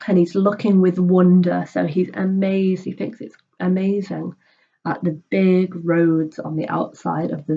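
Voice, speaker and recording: A woman's voice: on the low side, vocal fry, warm tone, dull audio. A woman teacher reading a children's book aloud and patiently explaining it in simple words.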